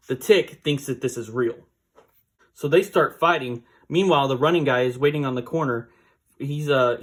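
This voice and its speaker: A man casually recapping a comic book issue, rambling with fillers and small laughs. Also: medium pitch.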